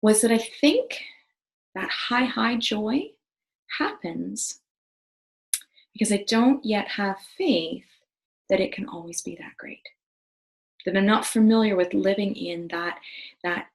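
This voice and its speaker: A woman's voice: mid-range voice, slow pace, pauses often, rough recording. A middle-aged woman hosting a wellness video, talking earnestly and with enthusiasm, with many fillers and restarts. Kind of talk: casual talk to camera.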